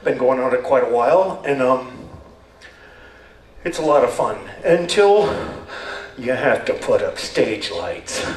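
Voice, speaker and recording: An older man doing rambling, deadpan stand-up storytelling on a stage. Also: medium pitch, a little slow, crowd noise. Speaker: stand-up performer. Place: stage at a community talent show. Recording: echoey hall, voice far from mic, faint ambience.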